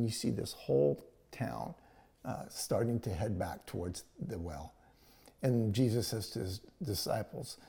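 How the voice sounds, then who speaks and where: A man's voice: mid-range voice, vocal fry, warm tone. A man preaching a sermon, retelling a scripture story in a conversational way with paraphrased dialogue.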